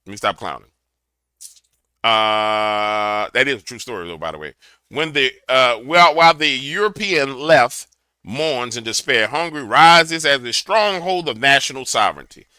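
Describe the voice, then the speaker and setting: A man's voice: medium pitch, lively intonation, normal speed, bright, forceful tone, smooth, no room sound. A man giving a preachy political commentary to a camera, telling a fiery story. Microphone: camera mic.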